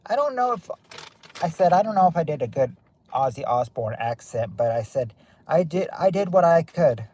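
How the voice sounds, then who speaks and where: A man's voice: a little high, sing-song, normal speed, a little mellow, slight background noise. Rambling Southern man hosting a stream. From southern United States. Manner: rambling, repeats himself, trails off. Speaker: stream host. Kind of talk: casual chat with live chat.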